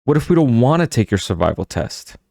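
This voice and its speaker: A man's voice: mid-range voice, big pitch swings, a little fast, gravelly, a little mellow, dry recording, studio quality, pitched above the performer's own voice. A man voicing a demanding, worried young girl in an audiobook. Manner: demanding, stammering. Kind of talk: audiobook character voice.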